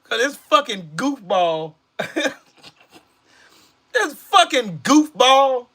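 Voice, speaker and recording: A man's voice: extremely high pitch, very animated, very slow, long pauses, a bit bright. A man angrily ranting on a live political stream. He talks profanely and mockingly, and often repeats himself and restarts his sentences.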